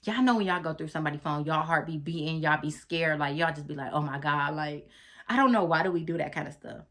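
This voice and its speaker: A woman vlogger with a bright, forward voice tells a dramatic personal story straight to her viewers. She is chatty and animated and talks to them directly as she acts out the quotes. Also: sits low, fast talker. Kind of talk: storytime vlog.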